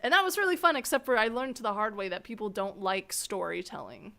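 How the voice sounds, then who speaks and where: A woman hosting an interview, telling rambling anecdotes in a casual, animated way and laughing often. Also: medium pitch, brisk, vocal fry. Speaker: host interviewing a fellow scare actor. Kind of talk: casual storytelling chat.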